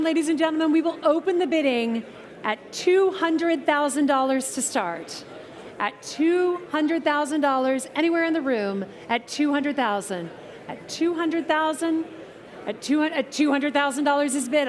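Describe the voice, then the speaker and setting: A woman working as an auctioneer at a live car auction, calling bids in brisk patter and teasing the bidders. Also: high-pitched. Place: auction tent at an outdoor car show.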